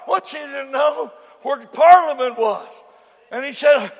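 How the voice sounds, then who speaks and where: A man preaching a sermon, swinging between loud shouted cries and low, quiet storytelling. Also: unhurried, vocal fry, some chatter behind. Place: church. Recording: echoey hall with faint congregation.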